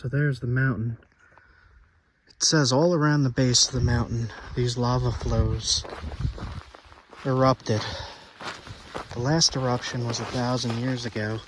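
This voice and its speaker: Guy hiking and filming himself outside, winded, laid back, slow talker, mid pitch. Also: a little hiss or hum. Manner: relaxed, rambling, talks to camera while walking. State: out of breath. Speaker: outdoor vlogger. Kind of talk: casual narration while hiking. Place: outdoors on a hillside.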